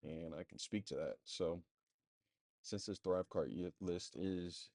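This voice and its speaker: A man's voice: low voice, unhurried, darkish tone, no echo, clean studio sound. A man casually walking through his marketing setup on a screen share, thinking aloud with loose, rambling talk and plenty of fillers. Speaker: marketing agency presenter.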